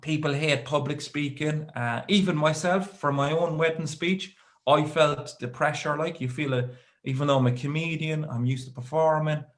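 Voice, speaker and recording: A man's voice: fairly high pitch, steady tone, normal speed. An Irish man in his thirties doing a stand-up comedy set, rambling through stories with dry asides.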